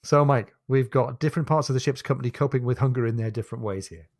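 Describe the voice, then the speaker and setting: A man's voice: mid-range voice, racing, a little mellow, no echo, clean studio sound. A man co-hosting a book discussion podcast, retelling the plot, reading passages from the text, and handing over to his co-host with questions.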